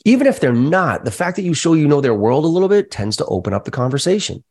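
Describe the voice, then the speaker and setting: A middle-aged man, a podcast guest and sales trainer, telling lively stories in casual, profane chat. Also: on the high side, fast. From United States. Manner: animated storyteller, casual and profane, acts out quoted voices.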